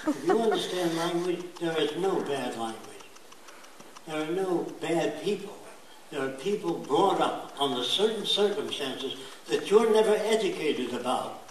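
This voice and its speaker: A blunt older man lectures with emphasis, his voice sitting a little high. He sounds distant from the mic, in a very echoey room with a faint hiss behind him. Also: expressive. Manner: blunt, emphatic, mimics accents in quick asides. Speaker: speaker giving a talk.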